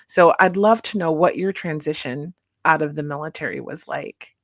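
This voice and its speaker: A woman hosting a veterans' podcast, warm in her affirmations and sharing her own past. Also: deep voice, moderate pace, dry recording, studio quality. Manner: encouraging, affirming. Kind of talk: interview podcast.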